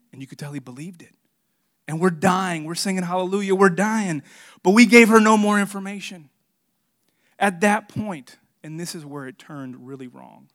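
A man's voice: fairly high pitch, a bit bright. A middle-aged man preaching a sermon, telling a funny story about himself in a joking, confessional way. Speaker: pastor.

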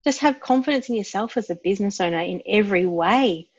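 A woman co-hosting a business podcast, who talks in a bold, animated way about branding and marketing. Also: medium pitch, fast, slightly rough, dry recording, highs cut off. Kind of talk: casual business chat.

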